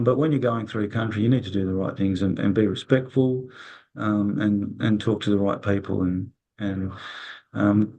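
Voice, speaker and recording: A man's voice: fairly low pitch, darkish tone. A man in an interview, telling stories in a rambling, casual way, repeating words and acting out quoted dialogue. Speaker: interview guest, resilience consultant.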